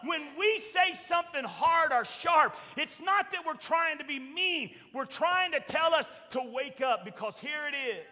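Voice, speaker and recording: A man preaching a sermon as pastor, emphatic, shouting at high points and dropping soft for quoted asides. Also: lively intonation, unhurried, hardly any pauses. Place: church sanctuary. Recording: long church reverb.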